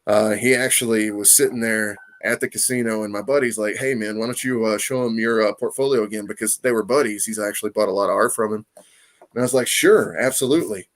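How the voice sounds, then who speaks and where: A man telling a story in a casual interview, animated and profane, acting out quoted voices and laughing often. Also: on the low side, fairly quick. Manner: animated, profane, lots of "you know what I mean". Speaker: comic artist guest.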